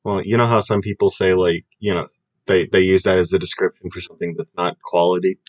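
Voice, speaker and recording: A young man co-hosting a podcast in casual chat, rambling and animated with lots of fillers and restarts. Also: low voice, brisk. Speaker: podcast co-host. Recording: dull lo-fi podcast audio.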